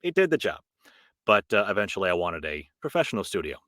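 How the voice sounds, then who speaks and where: A man's voice: low-pitched, sing-song, fast, a bit bright, no echo. A man, a voice actor and director, giving a casual, chatty talk with asides from his home recording booth. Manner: casual, chatty, with asides and self-deprecating laughs. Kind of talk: informal conference talk.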